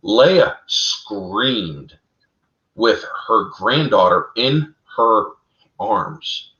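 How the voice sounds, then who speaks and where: A man co-hosting a casual fan lore talk, animated and calling his listeners "folks". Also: lowish voice, very slow. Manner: animated, addresses listeners as folks, laughs at own slips. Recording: roomy, dull lo-fi sound.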